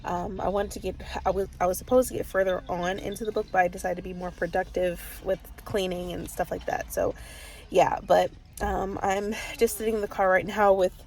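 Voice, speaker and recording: A woman talks through her reading in a loose, casual vlog. She rambles and restarts with plenty of fillers. Her voice sits in an ordinary middle pitch and she wears her emotions openly. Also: flat delivery, brisk, darkish tone. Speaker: book vlogger. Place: parked car.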